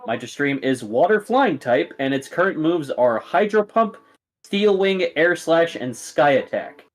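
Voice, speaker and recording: A man's voice: on the high side, animated, measured pace. A man narrating as game master, rambling with many fillers.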